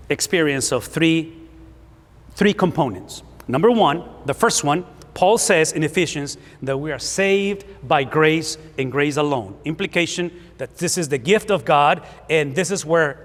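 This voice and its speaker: A man in his fifties, a native Spanish speaker with a Spanish accent, preaching an emphatic sermon and often repeating words for stress. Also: a little high. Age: 50s. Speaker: pastor. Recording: hall reverb.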